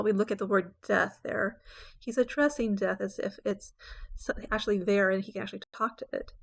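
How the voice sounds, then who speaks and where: A woman teaching poetry in an explanatory lecture voice. She checks in with her listeners as she goes and slows right down to read lines of verse with weight. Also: mid-range voice. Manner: explanatory, reads verse slowly and dramatically. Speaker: English professor.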